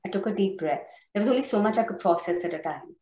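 A woman author reading her own memoir aloud on a podcast, measured and intense. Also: medium pitch, animated, darkish tone. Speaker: author and guest. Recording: roomy echo.

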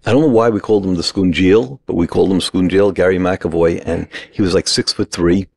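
A man telling a lively anecdote in a casual podcast chat, acting out the people he quotes. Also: deep voice, a little fast, vocal fry. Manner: animated anecdote teller who acts out quotes. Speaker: podcast guest. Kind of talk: casual storytelling.

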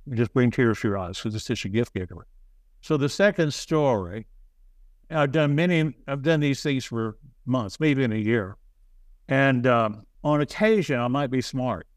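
A man as an interview guest, telling stories in a rambling, halting way with self-deprecating asides. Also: medium pitch, no room sound. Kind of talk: casual storytelling.

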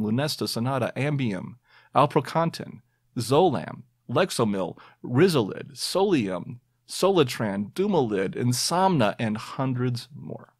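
A podcast host with a medium-pitched male voice quizzes his listeners in a playful, self-mocking monologue. The audio is clean studio sound with no echo.

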